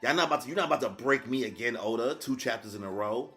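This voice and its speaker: A man streaming a live reaction, excitable and slangy, swinging between hype and sorrow. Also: medium pitch, fast talker, faint music behind.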